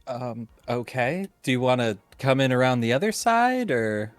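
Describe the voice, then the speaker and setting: Tabletop player, a man with a lively, hesitant delivery on a dry close mic. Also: medium pitch, moderate pace, no room sound, soft background music. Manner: hesitant, short questions. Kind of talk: playing a tabletop game.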